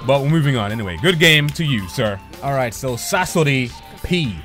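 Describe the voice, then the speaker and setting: A young man commentating his own online match with excitable, profane trash talk. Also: medium pitch, normal speed, faint music behind. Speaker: gaming channel host. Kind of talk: live gameplay commentary.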